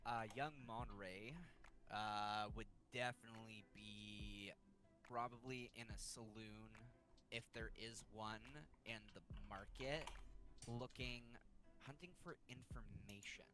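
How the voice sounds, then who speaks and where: A man playing in a tabletop game who talks excitably and often stammers when he gets flustered. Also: fairly low pitch, takes it slowly, soft background music. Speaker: player. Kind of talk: tabletop role-play banter.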